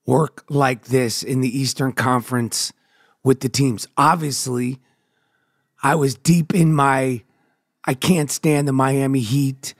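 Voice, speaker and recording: A man's voice: mid-range voice, slow, gravelly, no room sound, studio quality. A man from New York hosting a podcast, ranting about sports with heavy swearing and sing-song chanted intros. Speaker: podcast host. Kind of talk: profane sports rant.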